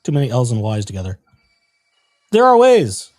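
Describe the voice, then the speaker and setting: Lively sarcastic male stream host. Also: medium pitch, normal speed. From San Francisco, USA. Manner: animated, sarcastic, laughs often. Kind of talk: casual livestream commentary.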